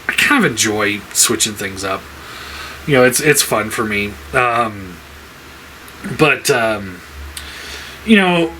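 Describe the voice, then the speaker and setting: Frustrated and swearing a lot, a man goes on a rambling, filler-heavy casual rant about his toy collection. His voice is mid-range with a bright, forceful tone, and a faint hiss or hum sits underneath.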